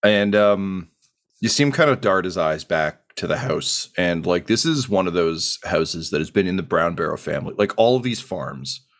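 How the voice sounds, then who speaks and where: A man's voice: sits low, expressive, normal speed, a bit bright. A man running a tabletop game as game master, narrating casually with lots of fillers.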